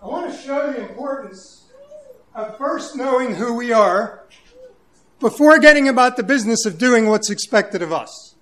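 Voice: mid-range voice, animated, moderate pace, fairly bright tone, far from the mic. A preacher giving a conversational, playful sermon with a children's demonstration in a church hall. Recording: echoey hall with faint room noise.

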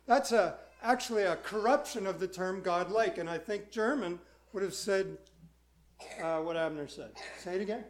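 A male pastor preaching a sermon in a conversational way, putting questions to the congregation. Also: high voice.

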